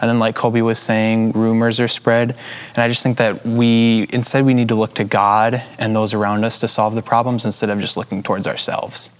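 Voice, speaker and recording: A man's voice: on the low side, level tone, moderate pace. A young man answering a question in a group, hesitant, restarting his sentences.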